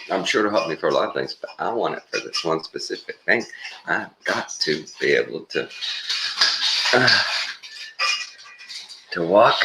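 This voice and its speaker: A man's voice: extremely low pitch, background noise. An older man from Texas with a Texan drawl, rambling folksy and chuckling through a casual morning vlog. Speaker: vlogger.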